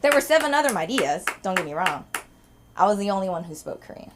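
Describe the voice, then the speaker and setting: Woman, from Los Angeles, stand-up comic, deadpan, lively pitch, noisy club. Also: fast. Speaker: stand-up comedian. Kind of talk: stand-up set. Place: comedy club stage.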